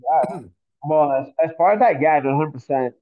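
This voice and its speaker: A man from Miami telling a story in casual talk, animated and swearing often, acting out the voices of the people in it. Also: on the high side, moderate pace, narrow, tinny audio. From Miami, Florida. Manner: animated, swears a lot, acts out voices in stories. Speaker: guest.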